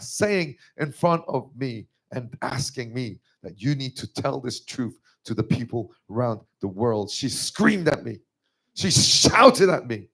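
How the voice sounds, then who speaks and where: This is a man's personal testimony sermon at church, full of emotion. Moments that move him push his voice up into a strained, high register.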